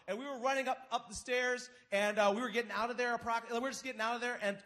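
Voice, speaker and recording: A man with a lively, high-pitched voice tells a funny story live on a big theater stage. He is animated and acts out his friends' lines, and his voice swings up and down as he builds to each joke. He speaks into a stage microphone. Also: very fast, few pauses. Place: large theater stage before an audience.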